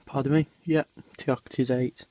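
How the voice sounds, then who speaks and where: With a steady, warm, medium-pitched voice at a measured pace, a man narrates a casual vlog of his tarantula feedings. He rambles with lots of ums and lowers his voice near the animals.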